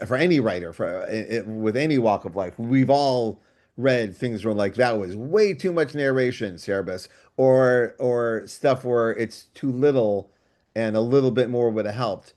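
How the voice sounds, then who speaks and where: Male writer, guest on a call-in book club; mid-pitched voice, eager and digressive. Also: a little slow. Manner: enthusiastic, thinks out loud in long digressions. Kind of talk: casual podcast discussion. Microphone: video call.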